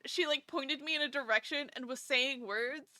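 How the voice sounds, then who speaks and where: A woman streamer chatting casually while drawing, animated, laughing often and swearing casually. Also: high-pitched, moderate pace, no echo, clean studio sound.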